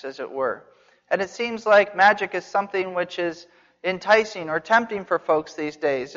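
A man's voice: high voice, a bit bright. A man preaching an expository sermon, earnest and emphatic, repeating phrases for stress. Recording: dull sound with long hall reverb.

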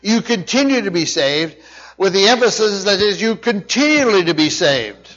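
A man's voice: high-pitched, sing-song, normal speed, a bit bright. A man preaching a sermon, repeating his points emphatically and checking in with his listeners. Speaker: pastor. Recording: dull lo-fi sound.

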